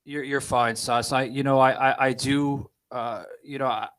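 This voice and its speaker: A man's voice: medium pitch, steady tone, moderate pace, fairly bright tone, clean tone, soft background music. A male podcast host talking politics in a mid-range voice. He stumbles and repeats himself, then rises into indignant, emphatic declarations.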